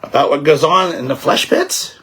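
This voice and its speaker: A man's voice: on the high side, normal speed, slightly rough, voice pushed up. A man voicing a frightened, rambling informant from a ruined mining folk in a tabletop game. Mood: grim. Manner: agitated, half-shouted, rambling.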